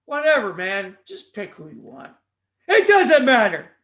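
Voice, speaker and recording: High voiced guy rambling on his podcast, goofy, all over the place with jokes and plugs. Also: wildly swooping pitch, measured pace, a bit bright. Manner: jokey, goes off on tangents, plugs the show. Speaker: podcast host. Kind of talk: casual rambling monologue.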